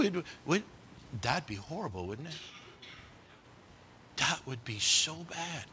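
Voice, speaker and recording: Bright-voiced preacher. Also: male voice, mid-range voice, slow, pauses often, a little hiss or hum. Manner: animated, dramatic, talks directly to the congregation. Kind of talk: sermon. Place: church.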